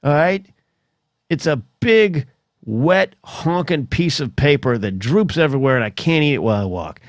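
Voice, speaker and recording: An American man hosting a solo podcast, rambling in an animated comedic rant that is full of restarts, swearing and mock voices. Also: fairly high pitch, moderate pace, no room sound, clean studio sound. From United States.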